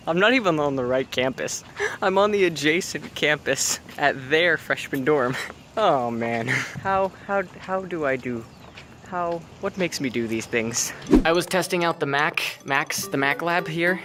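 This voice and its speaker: A young man casually vlogging a road trip and campus visit in a playful, jokey way. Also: mid-range voice. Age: young adult. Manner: playful and jokey, slipping into silly voices. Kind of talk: casual vlog narration. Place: outdoors on a college campus and in a car. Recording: music playing under the voice.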